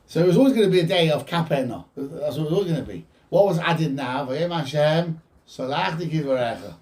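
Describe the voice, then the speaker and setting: A man giving an informal Torah class, quoting Hebrew texts and explaining them in with lively energy. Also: a little high, fairly quick. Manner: animated, quotes Hebrew texts then explains in English. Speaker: rabbi teaching a Torah class. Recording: voice from a distance from the mic.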